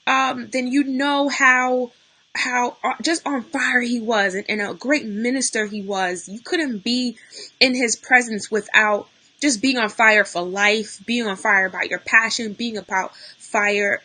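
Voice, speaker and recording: A young woman talks to her viewers live, unscripted and close to tears. Her voice sits a little high and sounds bright and forward, and it is getting worn and hoarse. She breaks off now and then to greet the people watching. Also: fairly even intonation, a little slow, rough recording. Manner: tearful, talking through grief, greets viewers mid-sentence. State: losing her voice, near tears. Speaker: livestream host. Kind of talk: unscripted emotional live talk.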